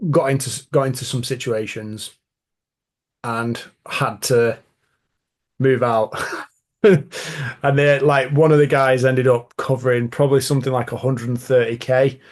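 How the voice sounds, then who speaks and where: A man hosting a podcast, telling rambling stories in a casual chatty way. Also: medium pitch. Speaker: podcast host.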